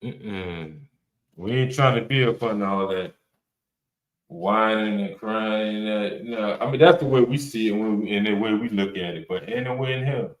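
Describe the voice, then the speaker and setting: A man hosts a reaction podcast panel, talking bluntly and casually as he rambles, with plenty of swearing and filler words. His voice is on the low side at a normal speed, and the recording has a roomy echo.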